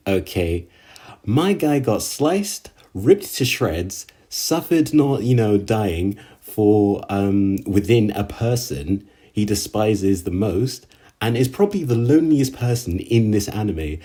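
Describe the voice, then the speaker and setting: A man with a low, warm, mellow voice talks casually through an anime episode. He speaks in slang, stumbles through fillers, and sounds openly exasperated with the characters. It comes across as a relaxed solo reaction recording. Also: slow. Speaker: anime reviewer. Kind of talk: casual episode recap and rant.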